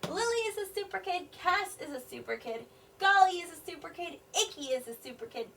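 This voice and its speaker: A woman kindergarten teacher reading a picture book aloud to young children, slowly explaining each sentence in simple words. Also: very high-pitched, bright, forceful tone. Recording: voice a bit distant from the mic.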